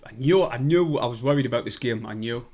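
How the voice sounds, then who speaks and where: Sweary lad streaming. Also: male voice, medium pitch, fast talker. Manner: blunt and sweary, mutters and sighs between excited bursts. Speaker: fan livestream host. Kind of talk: casual live match commentary.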